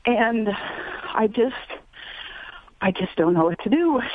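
A woman calling in to an advice show, talking haltingly and emotionally with many pauses. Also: on the high side, sing-song. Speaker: caller. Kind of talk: call-in conversation. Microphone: phone. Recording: phone line.

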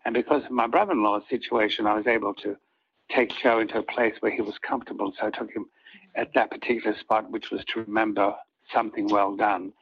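Older male actor guest, earnest halting storyteller, dull lo-fi sound. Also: on the low side, fairly even intonation, gravelly, slightly rough. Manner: earnest, halting, with many restarts. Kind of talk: reflective storytelling in an interview. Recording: dull lo-fi audio.

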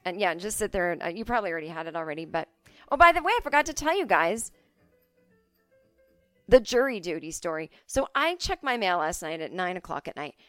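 A woman's voice: lowish voice, big pitch swings, fairly quick, a bit bright, smooth, no room sound, faint music behind. A woman hosting a solo comedy podcast. She reads listener mail and rants bluntly, with profanity and self-deprecating jokes. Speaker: podcast host.

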